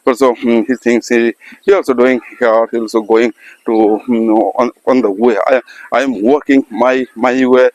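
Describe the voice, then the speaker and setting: A man talking to viewers in an unscripted practice monologue, halting and searching for words, with many restarts and fillers. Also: medium pitch, steady tone, darkish tone, rough recording. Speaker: English practice vlogger. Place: outdoors by a road.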